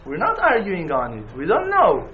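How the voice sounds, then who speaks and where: Man, religious teacher, animated and repetitive, high lively pitch, slight background hiss. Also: normal speed, muffled recording. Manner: animated, repeats phrases for emphasis. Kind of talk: informal spiritual lesson.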